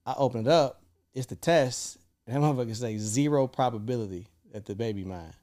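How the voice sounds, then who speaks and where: Animated man telling a story. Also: fast talker. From Chicago. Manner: animated, swearing, acts out quoted lines with big jumps in pitch. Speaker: podcast co-host. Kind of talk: casual storytelling chat.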